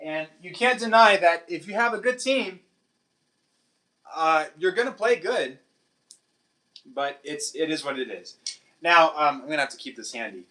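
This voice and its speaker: A man with a bright, forceful voice pitched a little above the usual chats with his viewers on a livestream. He laughs often and slips into now and then. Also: animated, moderate pace, pauses often. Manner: chatty, laughs often, switches between English and Portuguese. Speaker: livestream host. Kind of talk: casual chat with live chat.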